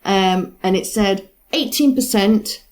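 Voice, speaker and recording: Mid-pitched English woman, podcast guest, frank and emphatic delivery. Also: takes it slowly, a little mellow. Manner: candid, emphatic, frequent fillers. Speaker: interview guest, retired firefighter. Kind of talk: conversational interview.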